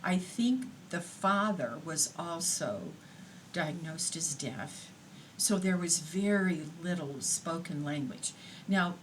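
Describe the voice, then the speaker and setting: Slow, measured woman lecturing. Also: deep voice, a little hiss or hum, rough recording. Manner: unhurried, explanatory, with fillers. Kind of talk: recorded lecture.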